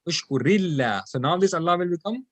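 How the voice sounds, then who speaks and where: A man's voice: mid-range voice, a little fast, no room sound, poor audio. A man teaching an online class, explaining grammar patiently and repeating practice phrases aloud over a video call. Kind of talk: online Quranic Arabic class.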